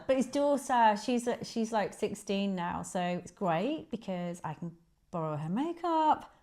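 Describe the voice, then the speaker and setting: A woman's voice: medium pitch, animated, measured pace, a little mellow. Chatty Northern English woman in her forties. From Manchester, England. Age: 40s. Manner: chatty and self-deprecating, with many ums. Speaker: guest. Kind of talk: casual chat.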